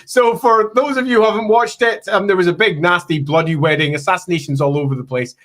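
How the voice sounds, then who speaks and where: A man hosting a casual chat about tabletop games, animated and rambling, laughing often. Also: sits high, fast talker. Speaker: host and game producer.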